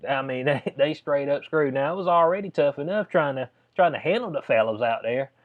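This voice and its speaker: A video commentator with a fairly high, lively voice briskly reads a letter aloud and reacts in a drawling, conversational way, calling the listener "bud." The recording sounds dull and lo-fi.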